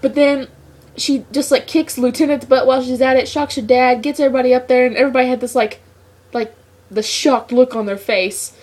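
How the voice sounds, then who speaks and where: A woman with a fairly high voice talks through a show episode in a casual review. She rambles in excitable fan chatter, full of "like" and "you know.". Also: a little fast. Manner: rambling, excitable fan talk with many "like" fillers.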